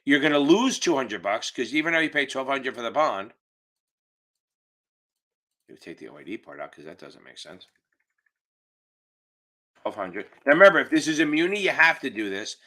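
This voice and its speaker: A man runs a live exam-prep class through his computer mic. His voice is bright and forward, and he explains at an easy pace. He jokes around and drops the odd swear word as he goes. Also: mid-range voice, big pitch swings, moderate pace, pauses often. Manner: casual, profane, joking teacher. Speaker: exam tutor. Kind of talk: live online Q&A lesson. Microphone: computer mic on a video call.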